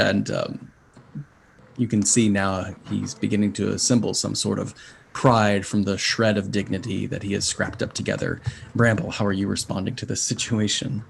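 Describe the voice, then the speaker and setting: A man's voice: fairly low pitch, level tone, normal speed, creaky, slight background noise. A man narrating a tabletop role-playing game as game master, in a descriptive storytelling manner.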